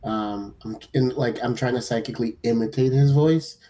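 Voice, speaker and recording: A man's voice: medium pitch, normal speed, dark tone, a little hiss or hum, poor audio. A man playing a tabletop game, speaking hesitantly with many ums. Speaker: player.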